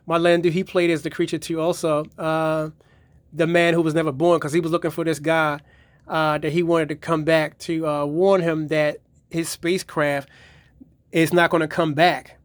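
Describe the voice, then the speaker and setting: Brief: man, higher voice, rambling and profane, dry close mic. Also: level tone, normal speed, clean tone, no room sound. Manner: profane, rambling retelling of episodes. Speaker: collector reviewing his DVD collection. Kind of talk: casual video review.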